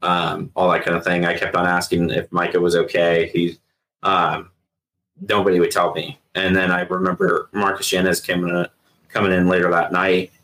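Middle-aged guy with a lowish voice telling his story on a podcast, acts out the quotes. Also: moderate pace, rough recording. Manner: animated retelling with acted-out quotes and laughs. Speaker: retired sheriff's investigator, guest. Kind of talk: casual storytelling interview.

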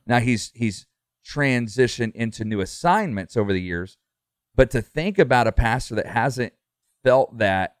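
A man's voice: fairly low pitch, smooth, no room sound, studio quality. A middle-aged man, a pastor, talking earnestly in a casual podcast conversation, full of fillers and restarts.

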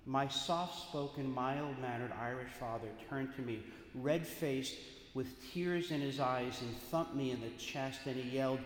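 A middle-aged male priest preaching a sermon as an animated storyteller, his voice swinging between quiet and loud. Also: medium pitch, a little slow. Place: church. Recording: echoey church hall with faint ambience.

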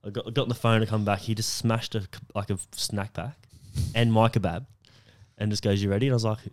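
Aussie guy on a podcast, real deep voice, talks fast, swears heaps, laughs a lot. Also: fairly even intonation, dry recording. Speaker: podcast co-host. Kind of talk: casual chat.

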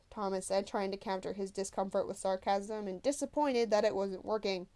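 A woman narrates a novel aloud. Her voice is mid-pitched, and her delivery is steady and measured. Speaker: audiobook narrator. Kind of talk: scripted narration.

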